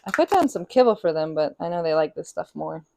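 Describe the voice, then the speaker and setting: A woman's voice: sing-song, a little fast, gravelly, darkish tone, no echo. Chatty woman cooking on a stream. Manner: chatty, talks to her cats in a high sing-song baby voice. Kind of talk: casual cooking stream chat. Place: home kitchen.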